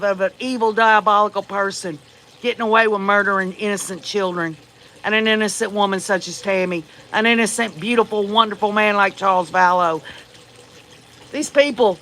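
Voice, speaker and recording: Hosting a livestream of casual true-crime commentary, a woman speaks at a moderate pace in a medium-pitched, fairly bright voice. She addresses her viewers directly, and her remarks are blunt, emphatic, and profane.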